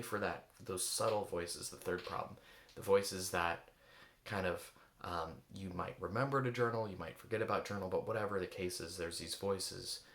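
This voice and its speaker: A man's voice: low-pitched, a bit bright, echoey room. A man giving a reflective coaching talk, searching for words and asking many rhetorical questions. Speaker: eating coach.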